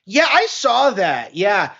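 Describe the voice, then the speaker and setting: A man's voice: high-pitched, wildly swooping pitch, slow, vocal fry, pushed and bright. Rambling man on muffled lo-fi audio. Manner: rambling, hesitant, many fillers and restarts. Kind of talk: casual rambling commentary.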